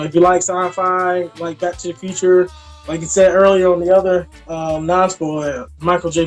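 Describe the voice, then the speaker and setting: A man co-hosting a casual movie review chat, animated and jumping way up in pitch when he quotes his own reactions.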